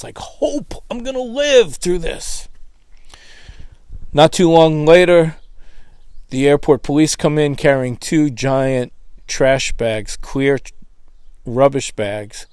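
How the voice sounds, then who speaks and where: A middle-aged man giving a spoken testimony, telling his story in a lively way and acting out the voices of others. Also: mid-range voice, creaky, no echo. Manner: animated, acts out quoted voices. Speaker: testimony speaker.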